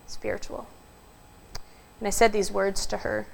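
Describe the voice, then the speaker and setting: A woman pastor delivers a sermon in a church, sharing stories in an earnest, unhurried way. Her voice sits at a middle pitch with a gravelly, fry-tinged texture. She slows right down to let the important lines land. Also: level tone, low-quality recording. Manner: storytelling, earnest, slows for emphasis.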